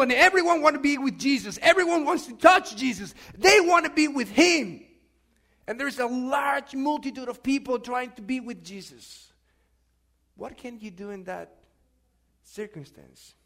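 A man preaching a sermon, swinging between loud, urgent outbursts and hushed asides, and asking the congregation questions. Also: very high voice. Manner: asks the congregation questions and has them repeat.

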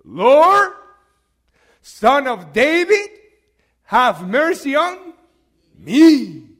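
A man's voice: very high voice, very animated, very slow, a bit bright, pitched above the performer's own voice, heavily acted. A man voicing a blind beggar who cries out and pleads for mercy. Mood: pleading cry. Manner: pleading, crying out.

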